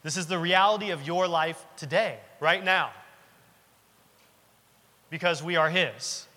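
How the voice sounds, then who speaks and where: Man in his thirties, pastor preaching, bright forceful delivery, long church-hall reverb. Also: a little high, measured pace. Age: 30s. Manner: earnest, emphatic preaching with repetition. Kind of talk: sermon. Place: church sanctuary.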